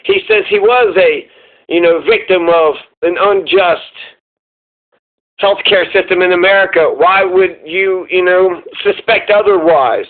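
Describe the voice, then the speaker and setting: A man's voice: sits high, expressive, unhurried. A man giving casual reaction commentary as host, heated, sarcastic and profane. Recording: tinny lo-fi phone-like sound.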